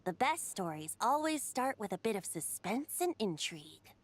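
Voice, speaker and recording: A woman's voice: mid-range voice, very animated, normal speed, lightly acted. A woman voicing a playful young male bard who is a wind god, speaking as a lilting, teasing storyteller in a video game. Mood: explaining.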